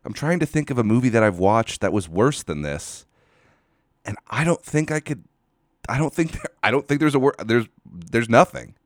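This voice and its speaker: A man's voice: medium pitch, lively intonation, normal speed, no room sound, studio quality. Exasperated man ranting on a podcast. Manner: exasperated, swearing, rambling. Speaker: podcast host. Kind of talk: casual solo podcast rant. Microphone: studio microphone.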